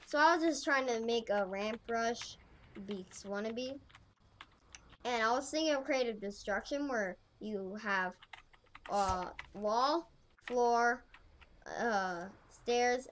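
Woman explaining game building moves, kinda rambly, slow, clicky keyboard noise in the back. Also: fairly high pitch, fairly bright tone. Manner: rambling, thinking aloud, self-correcting. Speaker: gaming channel host. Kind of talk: casual gameplay tutorial commentary.

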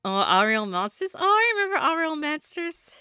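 A woman's voice: high voice, very animated, moderate pace, bright, forceful tone, dry recording, clean studio sound, soft background music. A young woman streaming a game and chatting casually, giggling and correcting herself. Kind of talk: casual gameplay commentary.

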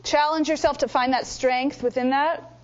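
A woman leading a speaking workshop, coaching the room with energetic instructions and playful demonstrations. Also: sits high, normal speed. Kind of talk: lively teaching workshop. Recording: dull lo-fi room recording.

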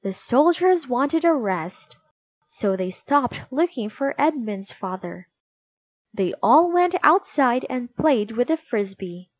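A woman reading a children's storybook aloud in a slow, expressive way. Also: fairly high pitch, dry recording. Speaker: narrator.

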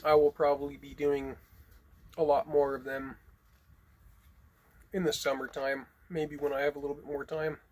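A man's voice: a little high, flat delivery, moderate pace, pauses often, a little mellow. A man hosting an eating vlog, talking casually and unhurriedly between bites. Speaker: mukbang vlogger.

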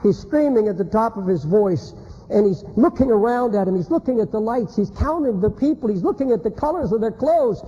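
A man preaching a fiery sermon, telling a story dramatically and swinging from hushed tones to shouts. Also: high voice, expressive, brisk, slightly rough, muffled recording. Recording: long hall reverb.

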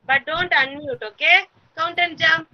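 A woman kindergarten teacher talks to young children through a video-call mic. Her voice is very bright and quite high, and she speaks slowly and deliberately. She chants counts and commands and keeps repeating warm praise. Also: steady tone, dull audio, slight background noise. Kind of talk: online class instruction.

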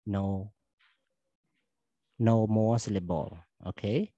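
A man teaches English in a low, mellow voice. He explains patiently and repeats points, often saying "okay". The sound is dry and close. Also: lively intonation, a little slow, no room sound. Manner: repetitive, explanatory, with frequent "okay". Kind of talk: recorded classroom lesson.

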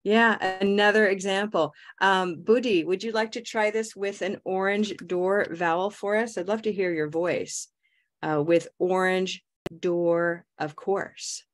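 A woman teaching English pronunciation on a video call, modeling words slowly and repeating them. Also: medium pitch, fairly even intonation. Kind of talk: online pronunciation lesson.

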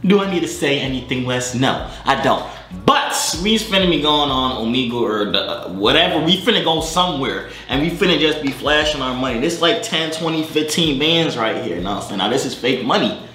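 A man's voice: mid-range voice, expressive, a little fast, bright, forceful tone, reverberant, faint music behind. A young man vlogging at night, joking and boasting in slang while chatting with strangers on a webcam. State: tired. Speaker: vlogger chatting with strangers on a video chat site. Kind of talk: casual vlog chat. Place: room at night.

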